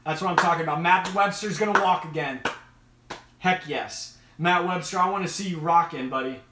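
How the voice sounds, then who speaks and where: A man's voice: fairly high pitch, moderate pace, pushed and bright, echoey room, slight background noise. A man hosting a casual live stream, talking with eager, rambling enthusiasm. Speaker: host of an aquarium live stream.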